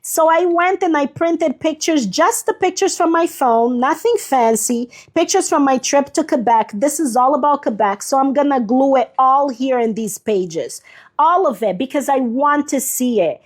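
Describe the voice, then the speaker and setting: A woman with a high-pitched voice speaking at normal speed hosts a live journaling stream, a casual craft demonstration. She chats easily while showing her pages, answers viewers by name, and sounds a little sniffly.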